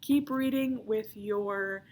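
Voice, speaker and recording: A woman's voice: medium pitch, slow, darkish tone, slight background noise. A woman who works as a children's librarian, reading a children's novel aloud and talking to young listeners in a friendly, upbeat way. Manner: friendly, upbeat sign-off to kids.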